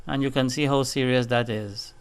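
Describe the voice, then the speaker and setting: A man's voice: medium pitch, fairly even intonation, moderate pace, smooth. A man teaching a language lesson, patiently spelling out letters and syllables one by one.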